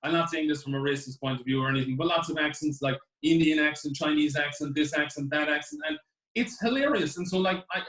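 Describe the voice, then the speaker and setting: A man with a slightly high voice chats as a co-host, rambling and enthusiastic, often trailing off into fillers. His voice rings out in a roomy, echoey space. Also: fast, fairly bright tone. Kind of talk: casual chat. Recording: echoey room.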